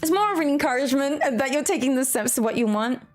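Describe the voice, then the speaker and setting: High-voiced Australian woman chatting. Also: animated, fast. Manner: chatty, giggly, rambling with restarts. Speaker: streamer. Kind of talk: casual chat while gaming.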